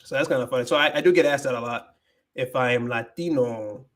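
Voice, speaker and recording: A man's voice: medium pitch, fast. A young American man whose first language is English, hosting a casual livestream and switching between English and Spanish with many fillers and restarts. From United States. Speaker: livestream host.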